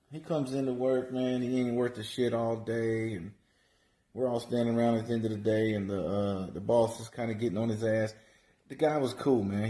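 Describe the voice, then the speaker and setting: A man's voice: medium pitch, warm tone. A man co-hosting a comedy show, telling profane, heated stories in a crude rant.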